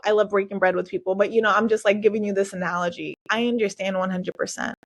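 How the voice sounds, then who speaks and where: Female host, 40s, slightly high voice; earnest, emotional solo podcast delivery with casual fillers. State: tearful at times. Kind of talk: heartfelt solo podcast talk.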